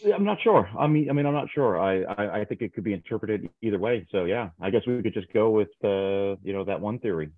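A man's voice: on the low side, expressive, a little fast, few pauses, dry recording. A man chatting about a film on a podcast, hesitant and repeating himself, heard over a tinny phone-like line. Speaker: podcast co-talker. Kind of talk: casual film discussion.

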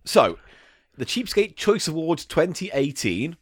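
A man's voice: a little high, very animated, measured pace. A man co-hosting a casual comedy podcast, swearing and bantering while spinning playful tall tales. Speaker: podcast co-host.

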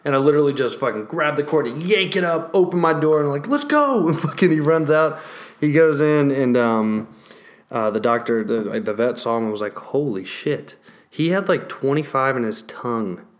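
A young man telling a story in a casual vlog, animated, swearing heavily and laughing between lines. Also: mid-range voice, a little fast. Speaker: vlogger.

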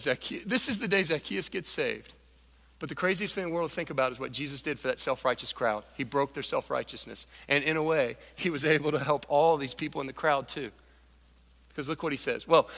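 A man preaching a sermon as pastor, animated, acting out the voices of Bible characters and a grumbling crowd. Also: on the high side, big-room sound.

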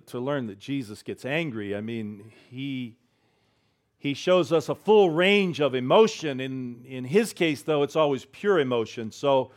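A man preaching a sermon as pastor, conversational, with humor and rhetorical questions. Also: medium pitch.

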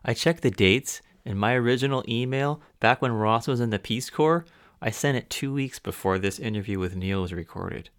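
Smooth-voiced male podcast host. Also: mid-range voice, normal speed, no echo, studio quality. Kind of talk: podcast narration.

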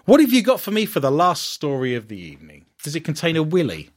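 A man's voice: on the high side, fast talker, dry recording, clean studio sound. A man hosting a radio show, joking and wrapping up with scores and thanks. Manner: jokey, breaks into song, animated. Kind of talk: comedic radio chat and show sign-off.

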